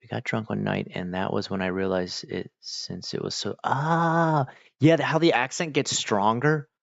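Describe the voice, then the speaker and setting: A man's voice: on the low side, fairly even intonation, normal speed, creaky, no echo. A man chatting casually on a livestream, answering chat in a rambling, hesitant way with many fillers and restarts. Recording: dull lo-fi dry mic.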